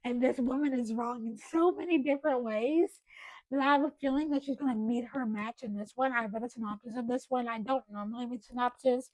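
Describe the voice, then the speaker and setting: A young woman chatting casually on her book vlog, gushing and excitable with bursts of loud enthusiasm. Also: on the high side, fairly quick, no echo, low-quality recording. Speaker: book vlogger. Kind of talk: casual chat.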